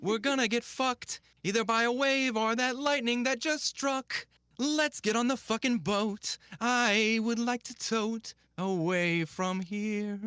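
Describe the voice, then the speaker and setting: A woman's voice: on the high side, slow, a bit bright, smooth, no echo, clean studio sound. A woman playing a tabletop game, joking and swearing. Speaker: player.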